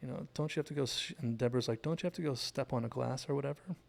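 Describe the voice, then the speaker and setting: A man hosts a casual scene-by-scene breakdown of a TV episode, recapping the plot and drifting into asides. His middle-range voice has a steady gravelly fry. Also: mid-range voice, racing. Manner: chatty and digressive, retells scenes. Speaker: TV show analysis host.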